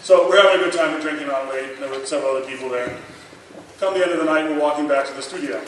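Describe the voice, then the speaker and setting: A man in his thirties telling a lively anecdote at a convention panel, acting out the dialogue and laughing often. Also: fairly high pitch, rapid-fire. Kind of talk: storytelling at a memorial panel. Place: large convention hall. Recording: echoey hall miked from far, noisy.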